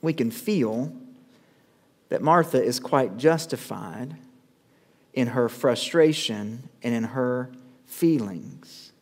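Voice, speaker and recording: A male pastor preaching a sermon, measured with dramatic pauses, building to urgent calls. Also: medium pitch, animated, darkish tone. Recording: long reverb of a church hall.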